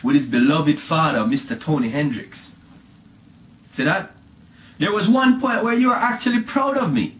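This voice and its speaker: A man with a Jamaican accent delivering a mocking, animated comic rant to a webcam. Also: on the high side, moderate pace, pauses often, a little hiss or hum. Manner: animated, mocking, drifting into sing-song. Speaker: comedy vlogger. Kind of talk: ranting comic monologue to camera. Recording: echoey room with faint music.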